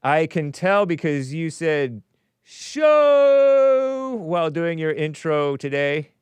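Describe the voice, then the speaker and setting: Male stream host, unhurried, clear and resonant, dry close sound, chuckling opinionated asides over viewer comments. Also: a little high, fairly even intonation, no room sound. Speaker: show host. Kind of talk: casual livestream commentary, reading viewer comments aloud.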